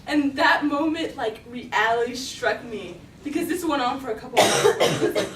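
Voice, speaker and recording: Giggly high-voiced teen girl telling a story. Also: expressive, moderate pace, background noise. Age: teens. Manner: giggly, lots of "like". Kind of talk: live storytelling. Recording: roomy, distant mic, faint ambience.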